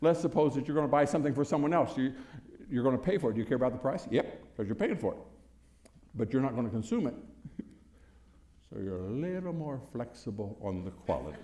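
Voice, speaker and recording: A man's voice: medium pitch, lively intonation, fairly quick, pauses often, dark tone. Folksy older man speaking in echoey hall. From United States. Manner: storytelling, chuckling, punchy rhetorical questions. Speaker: former congressman giving a speech. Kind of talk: folksy public speech to an audience.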